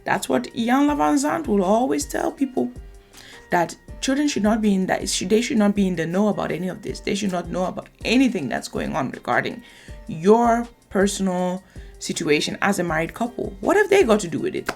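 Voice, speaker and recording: A woman's voice: mid-range voice, a little fast, creaky, faint music behind. A woman hosting a reaction video, commenting in an emphatic, opinionated way. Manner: emphatic, opinionated, lively asides.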